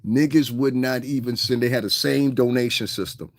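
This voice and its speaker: A man hosting a podcast in a casual, animated monologue, swearing and mimicking other people's voices. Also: medium pitch, normal speed, dry recording, studio quality. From United States. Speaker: podcast host.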